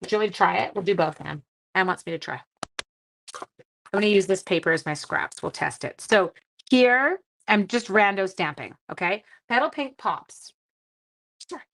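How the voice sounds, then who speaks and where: A woman's voice: mid-range voice, animated, moderate pace, vocal fry, a bit bright. A middle-aged Canadian woman hosting a live stamping stream, thinking aloud as she works and greeting viewers by name. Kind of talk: casual live craft demo chat. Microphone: live stream mic.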